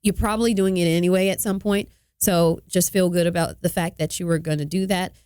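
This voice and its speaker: A woman's voice: on the low side, fairly even intonation, brisk, a little mellow, clear, resonant tone, no room sound. A woman co-hosting a talk show in a studio, chatting in an upbeat, easygoing way and laughing easily. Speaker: co-host. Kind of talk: casual talk show chat.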